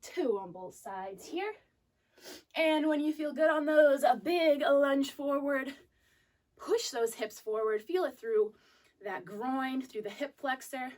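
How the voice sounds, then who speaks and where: A woman's voice: high voice, takes it slowly, darkish tone. A young woman fitness instructor cueing a live workout class, sniffly and out of breath, in an upbeat coaching manner. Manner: upbeat, coaching cues counted out while moving. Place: fitness studio. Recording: voice distant from the mic.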